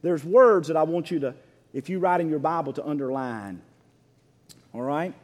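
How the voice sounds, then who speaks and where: High-voiced fervent preacher in a reverberant hall. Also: male voice, expressive, moderate pace. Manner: fervent preaching that swells into shouts; calls for responses from the congregation. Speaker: pastor. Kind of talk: sermon. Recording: long reverb of a large hall.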